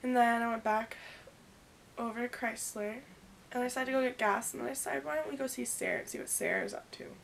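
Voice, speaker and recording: A young woman in her twenties talks straight to the camera, telling a story in a loose, rambling vlog. Her voice sits a little high, and she fills her telling with "like" and acts out the quoted lines. A faint hiss runs under the recording. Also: a little fast, creaky. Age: young adult. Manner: rambling, animated retelling full of "like" and quoted dialogue. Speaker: vlogger.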